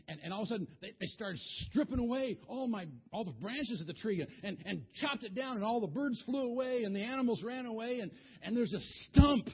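A man telling a children's Bible story in an animated, folksy way, often repeating words, in a dull lo-fi recording. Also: sits high, breathy edge.

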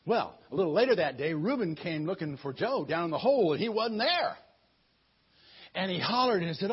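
Husky, lively male storyteller. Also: sits high, moderate pace. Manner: folksy, stumbling, with asides. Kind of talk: casual Bible story retelling. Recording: muffled lo-fi recording.

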